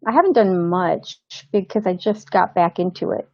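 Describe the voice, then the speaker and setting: A woman's voice: fairly low pitch, normal speed, no room sound. A woman actor, a guest on an interview show, telling a long story in a casual way and acting out the other people's lines. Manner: animated, acts out the voices of people in her story. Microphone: remote call setup. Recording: slightly dull lo-fi sound.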